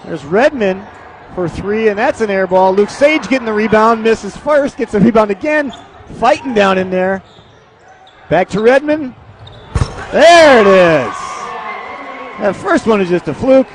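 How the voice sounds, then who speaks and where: A man's voice: high-pitched, animated, moderate pace. A young man doing play-by-play for a school game, with joking, teasing banter. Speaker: play-by-play announcer. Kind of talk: student broadcast commentary. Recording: gym crowd and noise behind.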